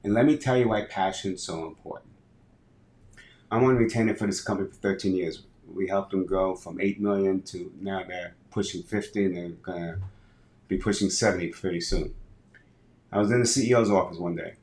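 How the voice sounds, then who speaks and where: A man's voice: low-pitched, fairly quick. A man in his sixties, a guest on a podcast interview, talking with energy and acting out dialogue in his stories. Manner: energetic storyteller who acts out dialogue. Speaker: guest, business advisor and speaker. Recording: roomy echo.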